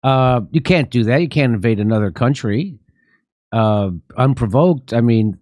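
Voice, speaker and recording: A man's voice: medium pitch, expressive, moderate pace, darkish tone, dry recording, studio quality. Sarcastic, profane male talk-show host. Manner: sarcastic, profane, jokey asides. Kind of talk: political comedy talk.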